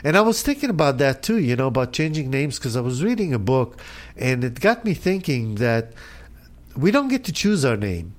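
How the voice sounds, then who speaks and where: A man hosting a casual chat, relaxed, laughing often and leaning on "you know" as he talks. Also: mid-range voice, moderate pace.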